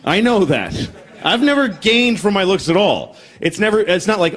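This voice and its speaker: On a live stage recording full of crowd laughter, a forties-aged comic delivers a blunt, crude stand-up set, mocking himself as he tells stories. His pitch is high with big swings, his pace moderate and tone a bit bright, with a little hiss or hum present.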